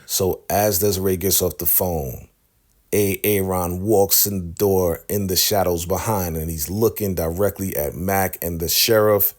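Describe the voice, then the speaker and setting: A man casually recapping a TV drama episode, retelling scenes with animated asides and frequent "right?" checks. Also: sits low, unhurried. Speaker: TV recap vlogger.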